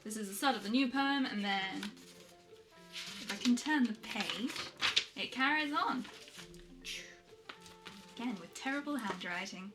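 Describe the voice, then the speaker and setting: A woman vlogging a poetry challenge, chatting in a self-deprecating way and reading her poems aloud slowly and softly. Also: on the high side, lively intonation, over music. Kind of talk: casual chat and poetry reading.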